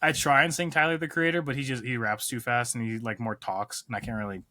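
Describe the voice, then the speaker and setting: A young comedian man chats loosely with a podcast host, rambling and making fun of himself between laughs. His voice is bright and forceful, picked up close in a dry, dead-sounding space. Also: medium pitch, steady tone, fast talker, no room sound. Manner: rambling, self-mocking, laughs often. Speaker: comedian guest. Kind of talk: casual podcast chat.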